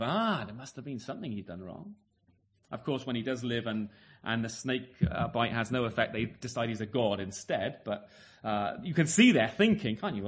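A man's voice: mid-range voice, animated, moderate pace. A man preaching a sermon in an earnest way, often asking his listeners rhetorical tag questions and repeating words as he restarts.

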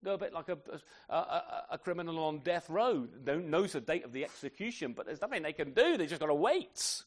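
A man's voice: fairly high pitch, animated, brisk. A man preaching a sermon, emphatic and full of rhetorical questions, sometimes speaking to the children. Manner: addresses children in the congregation.

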